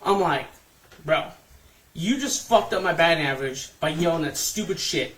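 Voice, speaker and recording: A man in his fifties, a podcast co-host, telling a profane, animated story and acting out what others said. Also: fairly high pitch, moderate pace. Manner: profane, animated, acts out quotes. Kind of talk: casual storytelling chat. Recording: distant mic, faint noise.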